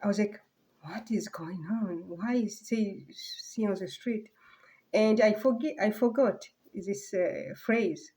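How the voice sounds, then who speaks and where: Brief: woman vlogger, mellow soft voice, halting and rambling, slips to near whispers. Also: mid-range voice. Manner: halting, rambling, many fillers and restarts. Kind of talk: casual personal vlog monologue.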